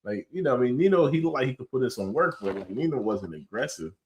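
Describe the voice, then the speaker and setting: A man hosting a podcast, telling an animated story in a casual, slangy way with lots of fillers. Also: medium pitch, fast, a little hiss or hum. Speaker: podcast host.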